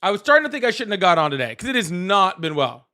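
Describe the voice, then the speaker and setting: A man hosting a live call-in political stream, animated, laughing often and thanking viewers. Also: sits high, fast talker. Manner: apologetic, excitable. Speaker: livestream host.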